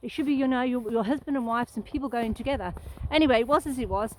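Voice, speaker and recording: A woman's voice: on the high side, fast, slight background noise, low-quality recording. A woman telling a devotional testimony in a casual, chatty, storytelling way while walking outdoors in a snowy field, speaking into a phone. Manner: warm, chatty storytelling with fillers. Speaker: Christian vlogger.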